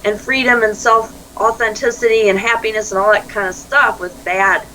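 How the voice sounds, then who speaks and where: A woman's voice: medium pitch, normal speed, a little hiss or hum, rough recording. A woman speaking as a life coach in an interview, telling stories animatedly and acting out quoted dialogue. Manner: animated storyteller who acts out quoted dialogue and laughs easily. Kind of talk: conversational interview.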